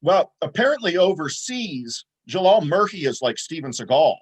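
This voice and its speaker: A man's voice: a little high, big pitch swings, normal speed, slightly rough. A man co-hosting a movie podcast, rambling casually with lots of fillers and restarts. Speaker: podcast co-host.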